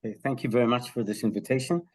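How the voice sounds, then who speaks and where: A man's voice: medium pitch, very fast, breathy edge. A man from Israel, a health psychology professor, telling stories as a guest in a conversational interview, with frequent ums and restarts.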